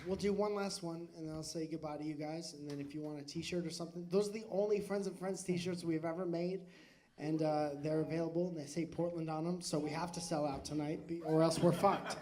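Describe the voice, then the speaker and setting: High-voiced man doing stand-up crowd work. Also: fairly even intonation, brisk, mellow. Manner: loose, joking, swears, often laughing. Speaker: comedian on stage, crowd work. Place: live venue stage. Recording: noisy live club recording.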